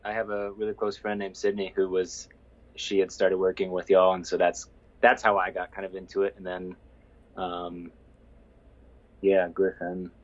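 A man's voice: low-pitched, completely flat delivery, moderate pace, lo-fi sound. A man in his twenties from Iowa, a grad student chatting in a joking, laid-back way as a podcast guest. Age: 20s. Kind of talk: casual podcast interview.

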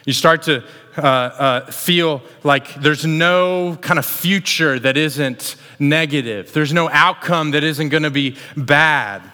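Young male preacher, slightly high, bright voice, chatty storyteller, long hall reverb. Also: slow pace, smooth. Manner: conversational storyteller, animated retelling. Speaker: pastor. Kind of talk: sermon with a personal story.

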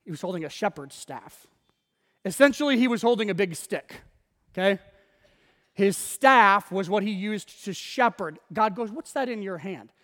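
A pastor preaches a sermon in a high, fairly bright voice with lively intonation and a moderate pace. He tells the story with animation, acting out the quotes, and the recording carries the long reverb of a large hall.

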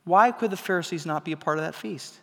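A pastor preaching a sermon in a conversational style, asking the congregation questions and building to emphatic peaks. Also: male voice, a little high, fast talker, creaky, bright, forceful tone. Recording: long hall reverb.

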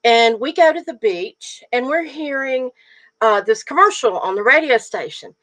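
A woman's voice: sits high, expressive, normal speed, a bit bright. A middle-aged woman co-hosting a casual chat, telling stories and laughing often. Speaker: podcast co-host.

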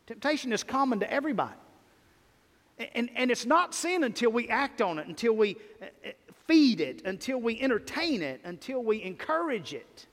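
Pastor, man, high tenor, emphatic sermon delivery, long hall reverb. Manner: emphatic preaching, rising and falling in volume. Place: church sanctuary. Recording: long reverb of a church sanctuary.

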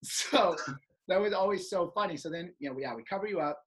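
A man's voice: sits high, brisk, low-quality recording. A man animatedly recalling a comic stage routine, often laughing. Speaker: former stage partner, performer. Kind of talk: casual reminiscing chat.

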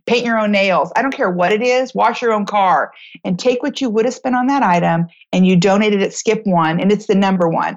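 An American woman who founded a charity, telling her story to a host in a lively, chatty way, acting out the voices of the people in it and using many "like"s. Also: lowish voice, vocal fry, lo-fi sound. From United States. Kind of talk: animated storytelling in a talk interview.

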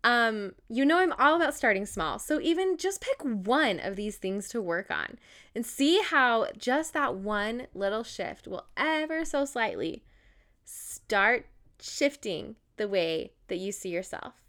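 A woman's voice: on the high side, big pitch swings, unhurried, a bit bright. A young woman vlogging in a casual talk to camera, bubbly and chatty, laughing often and using lots of fillers.

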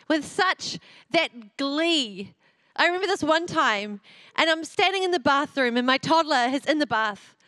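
A middle-aged woman with a high voice preaches a sermon, moving into lively storytelling about her family. The recording is close and dry, with no room sound. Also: no room sound.

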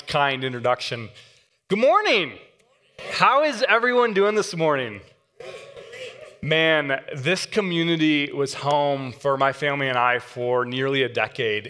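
A man preaching a sermon, an animated storyteller who acts out the voices in his anecdotes. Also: on the high side. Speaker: guest pastor. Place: church sanctuary. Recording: long church hall reverb.

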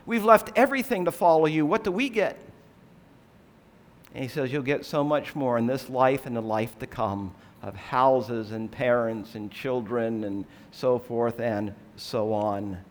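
A man preaching a sermon, explaining scripture in a measured, earnest way and asking rhetorical questions. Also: mid-range voice.

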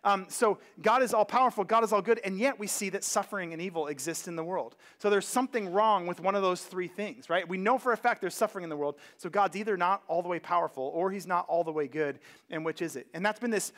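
A man with a fairly high voice preaching a sermon to a church. He talks in a loose, conversational way, full of fillers and asides, and gets animated as he goes. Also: fast, hardly any pauses. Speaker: pastor. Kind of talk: casual sermon. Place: church sanctuary.

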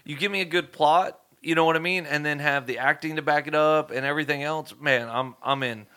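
A man co-hosting a podcast in casual chat, excitable and swearing freely. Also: fairly high pitch, brisk, smooth. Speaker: podcast co-host.

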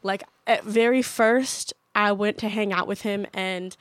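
A woman on a podcast tells a story in a blunt, sarcastic voice with plenty of swearing. Her pitch sits in a middle range. The sound is close and dry. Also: steady tone, unhurried, clear, resonant tone, no room sound. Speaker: podcast co-host. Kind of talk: casual chat.

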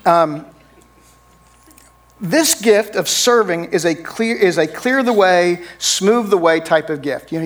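Conversational pastor preaching, slightly high voice. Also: male voice. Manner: conversational, frequent "right?" tag questions. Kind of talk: sermon.

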